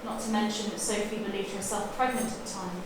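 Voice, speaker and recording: On a live stage, a woman plays a confident young amateur detective naming the killer, her mid-range voice showing little pitch movement and only lightly acted. She lays out the crime in a deliberate, theatrical manner, heard from afar in an echoey theatre with background noise.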